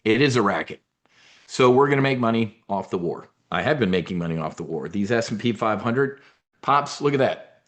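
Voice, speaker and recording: A man's voice: on the low side, expressive, brisk. A middle-aged man hosting a live trading webinar, brash and blunt, swearing now and then and using military slang.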